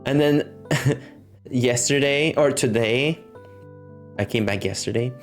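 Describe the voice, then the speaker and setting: A man's voice: mid-range voice, slow pace, faint music behind. A man livestreaming, chatting casually with his viewers and laughing often as he reacts to chat.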